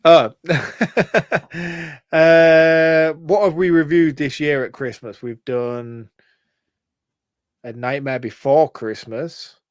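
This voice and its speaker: A man's voice: on the high side, fairly even intonation, extremely slow, dry recording, studio quality. A man co-hosting a podcast in casual chat, laid-back and easily stumped, often laughing. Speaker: podcast co-host. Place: podcast studio.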